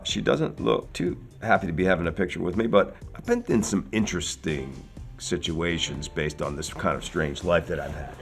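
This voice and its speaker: A man's voice: deep voice, normal speed, gravelly, faint music behind. A man in his sixties from Philadelphia, an actor telling casual, rambling anecdotes with many fillers and laughs. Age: 60s. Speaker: actor guest.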